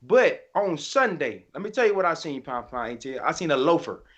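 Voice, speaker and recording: A man's voice: a little high, big pitch swings, a little fast, a bit bright. A man co-hosting a sports podcast, ranting in a fired-up, emphatic, colloquial way. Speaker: podcast co-host. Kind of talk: heated sports podcast rant. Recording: slightly dull lo-fi audio.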